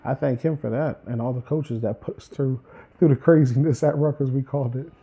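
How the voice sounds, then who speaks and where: A man's voice: mid-range voice, a little fast, breathy edge, faint music behind, rough recording. A man in his twenties from New Jersey, a former college football player, reflecting on his life and acting out what others said to him. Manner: acts out quoted people with lively voices. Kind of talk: reflective personal storytelling.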